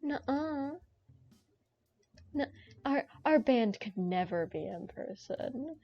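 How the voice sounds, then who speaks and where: With faint music behind her, a young woman with a medium-pitched, animated voice chats at a measured pace while streaming a game. She's playful and joking, rambling casually to viewers, and the stream audio is dull and lo-fi.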